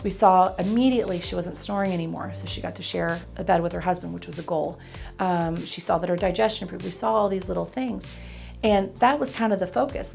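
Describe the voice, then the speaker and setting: Texan lady dentist rambling about a patient, kinda gravelly, some faint music under it. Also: on the low side, lively intonation, brisk. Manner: chatty, warm-humored, self-deprecating asides. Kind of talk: casual storytelling to camera.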